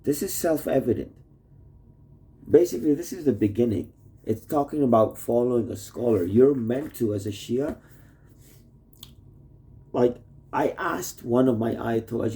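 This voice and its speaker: Rambling, profanity-heavy man with a mellow voice. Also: mid-range voice, expressive, measured pace, pauses often. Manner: heavy swearing, jumps between topics. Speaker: husband recording a video message to his wife. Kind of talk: rambling casual monologue. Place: at home in a messy rented room. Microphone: phone plugged in nearby.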